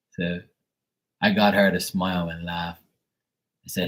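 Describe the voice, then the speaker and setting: Blunt, profane man in casual chat; deep and husky. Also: fairly quick, low-quality recording.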